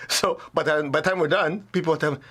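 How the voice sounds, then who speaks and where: A man's voice: a little high, steady tone, fast, sharp tone. A man teaching a spiritual talk to an audience, casual and blunt, often acting out the voices of people he quotes.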